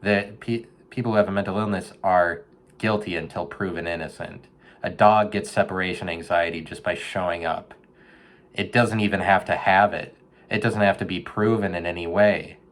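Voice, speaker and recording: Deep-voiced man rambling deadpan. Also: moderate pace. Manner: deadpan rambling, slips into loud mock pep-talk voice. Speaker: podcast host. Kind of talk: casual comedic monologue.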